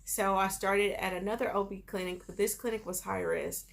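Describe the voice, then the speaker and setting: A woman's voice: mid-range voice, fairly even intonation, moderate pace, vocal fry. A woman vlogger telling a personal story in a casual, chatty way, full of filler phrases.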